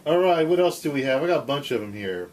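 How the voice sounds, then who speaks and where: A man's voice: mid-range voice, very animated, quick pace, darkish tone, a little hiss or hum. A man hosting a casual college radio show, rambling and joking, speaking into a studio microphone. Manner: rambling, jokey, with fillers and self-corrections. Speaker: radio host.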